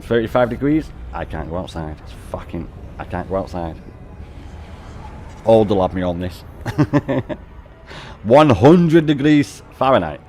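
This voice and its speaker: A man's voice: low-pitched, lively intonation, a little slow, pauses often, warm tone, a little hiss or hum. A middle-aged British man chatting casually on a game stream, swearing and laughing a lot. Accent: British English. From United Kingdom. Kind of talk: casual live-stream chat.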